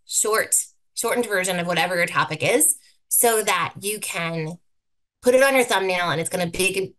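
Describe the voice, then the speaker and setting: A woman teaches over a live video call with slides, her voice bright and forward. She is brisk and upbeat, and she leans on key words and repeats them for emphasis. The sound comes through a computer microphone. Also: mid-range voice. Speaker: guest presenter teaching thumbnail design. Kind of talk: live webinar presentation with slides.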